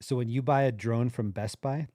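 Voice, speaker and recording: A man's voice: mid-range voice, steady tone, normal speed, dark tone, no echo, studio quality. A man hosting a livestream, telling a long anecdote in casual chat and quoting the people in it. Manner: rambling anecdotal, quotes people in his story. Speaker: livestream host. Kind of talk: casual storytelling.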